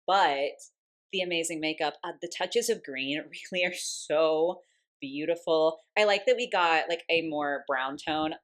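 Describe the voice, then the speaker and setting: A woman's voice: low-pitched, a little slow. A young woman chatting casually through a doll unboxing review at home, gushing with lots of "like"s and breaking off to coo at her cat.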